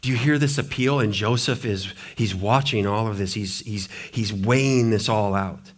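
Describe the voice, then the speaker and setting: Man preaching, hushed then rising. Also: on the low side, moderate pace. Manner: dramatic scripture reading with big swings between hushed and loud. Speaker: pastor. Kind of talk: sermon.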